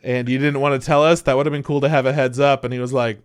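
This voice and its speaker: A man co-hosting a casual podcast, blunt and opinionated, who slips into quoting others as he talks. His voice is mid-pitched and recorded dry and close, with no room sound. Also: level tone, fast talker, smooth, no room sound. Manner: blunt, opinionated, acts out quotes. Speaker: podcast co-host. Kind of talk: casual chat.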